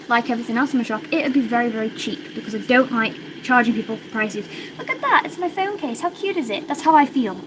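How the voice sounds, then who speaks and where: A young woman with a British accent, chatting in a rambling, excitable way while she hosts a casual crochet livestream from home. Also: a little high, noisy background. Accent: British English.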